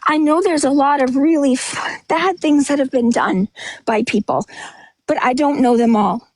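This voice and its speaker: A woman's voice: high-pitched, normal speed, darkish tone, no room sound. A woman talking bluntly and emotionally on a livestream, rambling and restarting, a bit out of breath. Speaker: livestream host. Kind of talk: candid livestream monologue.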